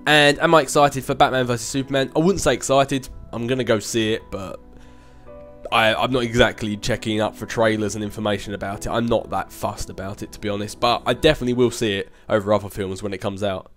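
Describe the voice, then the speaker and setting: A young man answers his viewers' questions in a relaxed, rambling chat on his channel, laughing frequently and dropping filler hums. His fairly low voice holds a steady tone and a bit of brightness, he talks fast, and faint music sits in the background.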